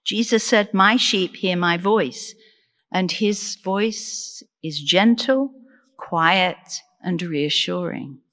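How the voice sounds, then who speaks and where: Slow-speaking woman preacher in a reverberant church. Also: fairly low pitch, fairly bright tone. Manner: earnest, measured preaching with rhetorical questions. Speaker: deacon preaching. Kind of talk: sermon.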